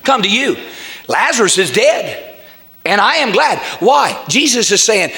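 A male pastor delivering a sermon with a high voice that climbs into shouting at its peaks. His tone is bright and ringing, and he doubles back on words as he builds each point. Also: big pitch swings, unhurried, gravelly. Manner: preaching with rising shouts and repeated restarts.

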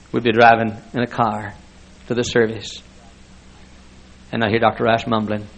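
A man's voice: on the low side, level tone, a little slow, poor audio. An older man preaching a folksy sermon full of stories, chuckling often as he talks. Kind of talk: sermon with anecdotes.

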